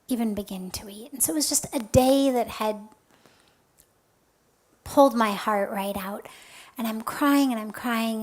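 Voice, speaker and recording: A fairly high-voiced woman gives a spiritual talk as a teacher, unhurried and reflective. Her voice often sinks to a soft, breathy near-whisper and then lifts with emphasis on key words. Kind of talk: spiritual talk with personal storytelling.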